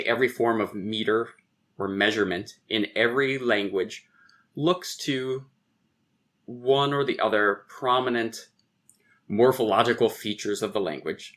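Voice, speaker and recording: A man with a lowish voice talks through the mechanics of poetic meter as a podcast guest. He chants out stress patterns and recites lines of verse to make his points. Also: a bit bright. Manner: taps out rhythms aloud and recites verse lines. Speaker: poet and philosopher, guest. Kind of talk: explaining verse meter in conversation.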